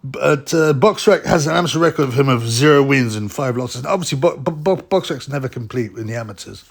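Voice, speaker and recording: Guy, gravelly voice, mid-pitched, rambling blunt boxing commentary, mocking asides. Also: fairly quick. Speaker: boxing vlogger. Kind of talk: casual commentary.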